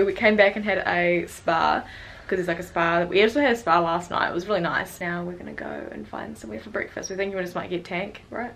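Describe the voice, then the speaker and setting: A young woman with a New Zealand accent, chatting casually and excitedly to camera in a vlog. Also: fairly low pitch, fairly quick, vocal fry, soft background music. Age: young adult. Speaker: vlogger. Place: car, street and outdoors.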